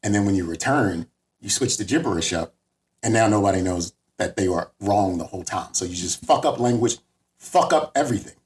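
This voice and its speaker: Laid-back low-voiced man riffing. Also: lively intonation, brisk. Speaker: podcast co-host. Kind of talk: casual comedic podcast banter.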